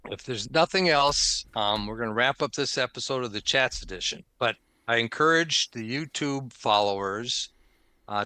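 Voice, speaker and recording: An upbeat, chatty man hosts a podcast and laughs easily between points. His voice is bright and forceful, with a crisp, resonant clarity. It is recorded dry, with almost no room sound. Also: medium pitch, no room sound. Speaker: podcast host. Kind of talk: casual podcast chat and show intro.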